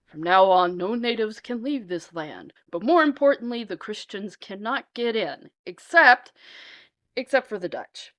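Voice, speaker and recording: A woman's voice: medium pitch, animated, normal speed, few pauses, close to an everyday voice. A woman doing a stern shogun laying down the law. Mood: decreeing. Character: stern male shogun sealing the borders.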